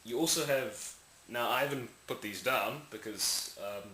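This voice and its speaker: A man's voice: medium pitch, measured pace, pushed and bright. A man casually explaining speech sounds in a lesson, rambling and correcting himself while he demonstrates each sound aloud. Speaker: language tutorial maker. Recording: echoey room with faint hiss.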